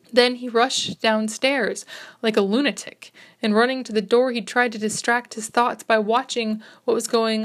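Woman reading a classic story aloud. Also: a little high. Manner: steady, even reading with occasional self-corrections. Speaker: reader. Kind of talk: audiobook narration of a classic story.

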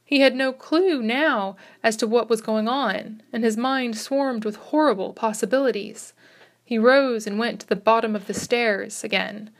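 A woman's voice: fairly high pitch, a bit bright. Woman reading a classic story aloud. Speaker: audiobook reader. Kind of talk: scripted narration of a classic short story.

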